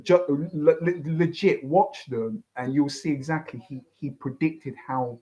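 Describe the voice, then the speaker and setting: A man's voice: fairly high pitch, a little slow, mellow, low-quality recording. A young man hosting a fight reaction, ranting and swearing as he repeats himself. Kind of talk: excited fight reaction commentary.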